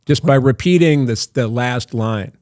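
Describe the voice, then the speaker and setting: A man's voice: mid-range voice, unhurried, a little mellow, no echo, studio quality. Older man telling rambling stories. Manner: rambling, self-interrupting anecdotes. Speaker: guest actor. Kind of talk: casual storytelling interview.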